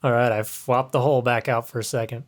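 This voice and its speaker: A man's voice: medium pitch, steady tone, quick pace. A man playing a tabletop game, easygoing and chuckling. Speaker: player.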